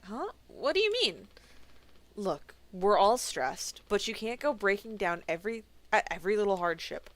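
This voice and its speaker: A woman voicing a stern, tense male co-pilot who talks in a clipped, forceful way. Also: mid-range voice, big pitch swings, normal speed.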